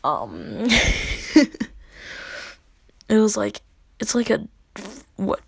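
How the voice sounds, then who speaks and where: Husky, gravelly woman telling a fan story. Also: medium pitch, wildly swooping pitch, extremely slow, no echo. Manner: crude joking, lots of fillers, soft half-whispered delivery. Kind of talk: casual fan-story narration.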